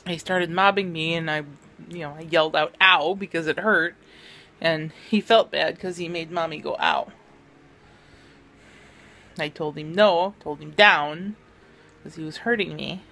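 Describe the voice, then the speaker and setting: A woman's voice: deep voice, a little slow, long pauses, a bit bright. A woman vlogging casually, talking in a candid, matter-of-fact way. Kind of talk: casual personal vlog.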